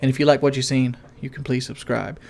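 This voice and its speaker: A young man giving casual gaming commentary, rambling and correcting himself, in what he calls a monotone voice, often asking viewers questions. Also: mid-range voice, fast, creaky. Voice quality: self-described monotone voice.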